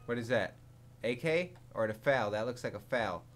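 A man giving live commentary over a zombie game, excitable and jumpy, swearing often and laughing at his own jokes. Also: mid-range voice, moderate pace, faint music behind. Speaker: gaming commentator.

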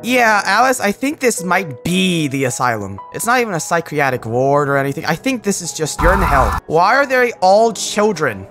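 A gamer giving rambling, excitable let's-play commentary, swinging between loud outbursts and mumbled asides. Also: medium pitch, normal speed, hardly any pauses. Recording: voice over game music.

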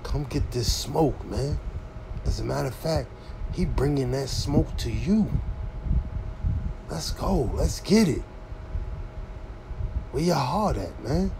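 A man's voice: mid-range voice, lively intonation, takes it slowly, creaky, pauses often. Man hyping a fight over a noisy hum. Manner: goading, repetitive hype calls. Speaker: boxing channel host. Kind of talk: hyped trash-talking commentary.

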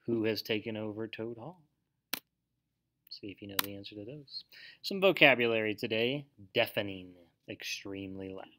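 A man teacher reading a story aloud to children, with an expressive, animated delivery. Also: on the low side, normal speed.

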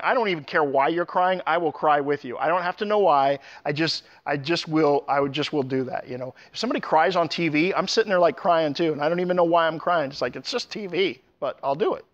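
A middle-aged man, a pastor telling a personal story in a sermon, with sudden lively jumps in his voice. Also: a little fast, highs cut off. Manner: storytelling with animated pitch jumps.

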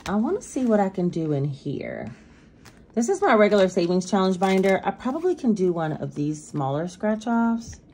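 A woman's voice: medium pitch, very animated, normal speed, darkish tone, a little hiss or hum. A woman making a casual budgeting vlog, chatting with viewers and counting cash aloud as she stuffs binders. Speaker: budgeting vlogger.

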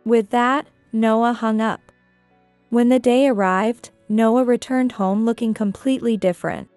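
A woman narrates a scripted first-person story in a measured, even delivery. Her voice sits slightly high. The recording is dry, close and free of room sound. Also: smooth, no echo, soft background music.

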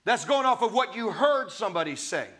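A man's voice: very high-pitched, expressive, brisk, a bit bright. A man preaching a sermon, reading scripture aloud and breaking off into emphatic, conversational asides to his listeners.

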